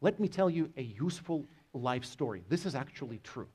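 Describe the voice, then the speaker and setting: A man's voice: medium pitch, animated, a little fast, mellow, husky. A man giving a university biology lecture, joking with his students as he explains. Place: lecture hall.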